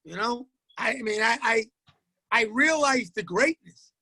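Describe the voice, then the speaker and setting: Bright-voiced New man in his sixties. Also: extremely high pitch, measured pace, no room sound. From Queens, New York. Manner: animated storyteller who acts out voices and repeats himself. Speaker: high school basketball coach, guest. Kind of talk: casual storytelling interview.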